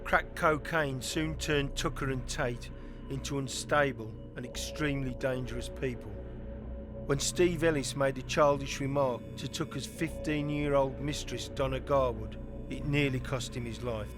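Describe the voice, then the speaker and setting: A man giving measured, scripted documentary narration. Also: medium pitch, steady tone, over music.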